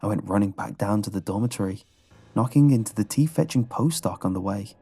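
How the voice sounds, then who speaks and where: A man giving scripted horror narration in a low, measured storytelling manner. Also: dark tone, husky. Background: faint background music.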